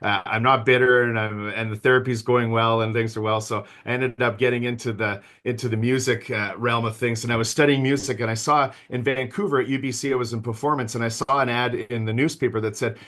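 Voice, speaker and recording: This medium-pitched, somewhat bright male voice moves a little fast with fairly even intonation and hardly any pauses. He's in his fifties, presenting a virtual business planning seminar on a video call microphone, chatty and self-deprecating with his audience.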